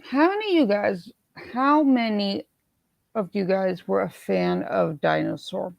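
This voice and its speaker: Hoarse, gravelly woman chatting slowly. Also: mid-range voice, no echo. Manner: chatty, self-mocking, reads viewer comments aloud. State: hoarse from neck swelling. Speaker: livestream host. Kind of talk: casual live-stream chat.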